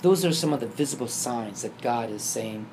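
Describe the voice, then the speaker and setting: A man telling a personal story in casual conversation, acting out the quoted dialogue with lively shifts. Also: mid-range voice, normal speed, background noise. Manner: animated, acts out quoted dialogue. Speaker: guest telling his story.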